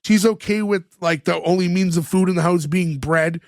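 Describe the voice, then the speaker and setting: A man co-hosting a podcast, retelling sitcom scenes in casual chat, full of "like" fillers and quick laughs. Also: sits high, no room sound, clean studio sound. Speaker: podcast co-host.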